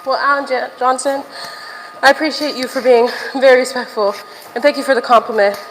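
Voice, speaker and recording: A woman's voice: high voice, steady tone, fairly quick, a bit bright, in a large hall, a little hiss or hum, low-quality recording. A young woman livestreaming from a gym while walking on a stair machine, chatting casually to viewers, a little out of breath and swearing now and then.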